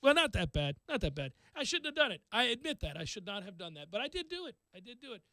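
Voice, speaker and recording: A male radio host telling a self-deprecating story in casual talk, acting out quotes with lively energy. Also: high voice, quick pace, no echo.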